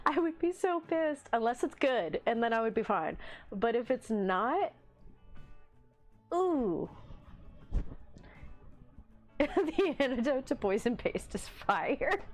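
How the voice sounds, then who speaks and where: A woman's voice: a little high, big pitch swings, slow pace, pauses often, faint music behind. A woman hosting a livestream in casual chat, reading the live chat aloud with playful teasing and frequent laughter. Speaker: livestream host.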